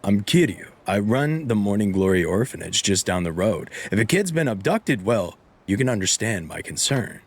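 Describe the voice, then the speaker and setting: A man reading the lines of a calm, protective man in a video game, low and measured.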